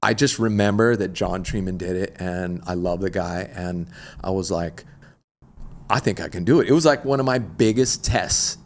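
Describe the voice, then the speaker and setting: A middle-aged man, an extreme athlete guest, telling a story in an animated, slangy, laid-back way. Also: deep voice, normal speed, a little hiss or hum. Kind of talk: casual storytelling interview.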